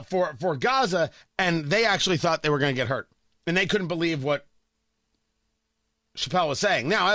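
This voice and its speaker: A man's voice: a little high, sharp tone, dry recording, studio quality. A man hosting a talk radio show, delivering an opinionated monologue in a combative, sarcastic way with emphatic repetition.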